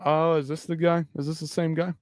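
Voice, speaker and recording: Swearing, rambling live-stream host. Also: male voice, a little high, flat delivery, fairly quick, dry recording, clean studio sound. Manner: loose, profane, rambling with restarts. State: tired late at night. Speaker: livestream host. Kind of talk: casual live-stream chat.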